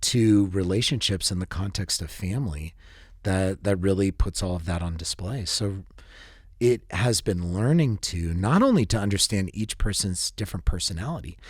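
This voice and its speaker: A man's voice: sits low, lively intonation, normal speed, slightly rough, dry recording. A middle-aged man, a podcast guest, talking thoughtfully and at length in casual conversation. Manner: thoughtful, wordy, with dry jokes.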